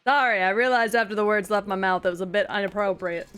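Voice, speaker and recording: A woman's voice: medium pitch, fast, fairly bright tone, slight background noise. Playful woman streamer chatting while gaming. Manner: playful and teasing, talking to chat. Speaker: live streamer. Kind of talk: casual gaming stream chat.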